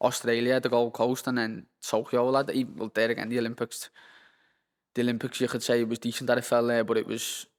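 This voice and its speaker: The guest is a young professional boxer with a Liverpool accent, speaking at medium pitch in a level tone and a little fast. He chats casually in an interview, rambling, cursing, and using "lad" all the time, recorded with long hall reverb.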